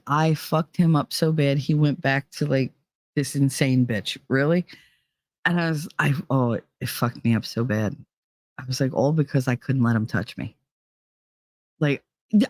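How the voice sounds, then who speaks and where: A woman's voice: low voice, normal speed, darkish tone, no echo, clean studio sound. A woman hosting her own vlog, telling a personal story in a candid, profane way and acting out the people in it. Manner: candid, profane, acts out quoted dialogue. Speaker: vlog host.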